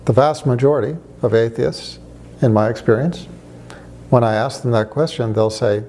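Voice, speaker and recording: A man's voice: medium pitch, normal speed, dark tone, a little hiss or hum. A man arguing his case in conversation, with rhetorical questions and wry storytelling. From United States. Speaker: speaker on religion. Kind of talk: conversational argument to camera.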